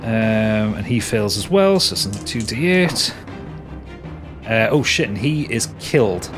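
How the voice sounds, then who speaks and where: A man's voice: lowish voice, very animated, unhurried, music in the background. A man narrating as game master of a tabletop game, talking with frequent hesitations. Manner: hesitant, many fillers and restarts.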